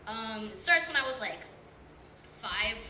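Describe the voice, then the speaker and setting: A woman's voice: fairly high pitch, expressive, a little slow, bright, forceful tone. An eighteen-year-old woman telling a rambling, self-deprecating story at a stand-up open mic, full of filler words. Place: small comedy club, live audience. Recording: distant, echoey club room with background noise.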